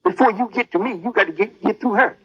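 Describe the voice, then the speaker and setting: A man preaching with a very high, bright voice that swings up and down. He speaks in a boastful, menacing sermon. The sound is dry and dull, like an old lo-fi tape. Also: quick pace, husky.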